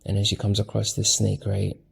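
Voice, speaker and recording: Gravelly, slangy man giving a lecture. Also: lowish voice, completely flat delivery, fairly quick. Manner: loose, slangy, emphatic, frequent fillers. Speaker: teacher. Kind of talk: casual spiritual lecture.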